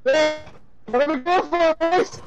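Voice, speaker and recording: A young adult gamer on voice chat, excitable and swearing while laughing with friends. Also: high-pitched, a little slow, loud music behind the voice. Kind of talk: casual gaming chat. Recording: loud noisy voice chat mic.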